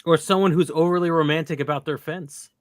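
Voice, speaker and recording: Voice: medium pitch, fairly even intonation, fairly quick, dry recording, clean studio sound. A player and co-host in casual table banter, upbeat and laughing often.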